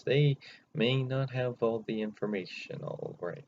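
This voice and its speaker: A man casually recapping cartoon episodes without a script, rambling and halting with many restarts, in a dull lo-fi recording. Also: lowish voice, expressive, a little mellow. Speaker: channel host recapping episodes. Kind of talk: unscripted recap. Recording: dull lo-fi recording, faint noise.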